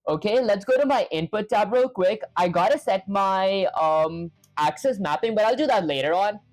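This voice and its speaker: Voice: medium pitch, expressive, normal speed. A live coding streamer giving a casual tutorial while thinking aloud, with plenty of "okay" and "let's go ahead" as they work through each step.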